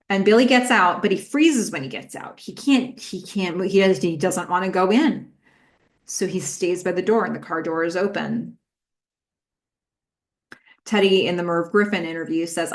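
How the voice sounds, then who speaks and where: Woman podcast host, kinda low voice, chatty recap, lots of ums. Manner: conversational, recounting scenes with filler words.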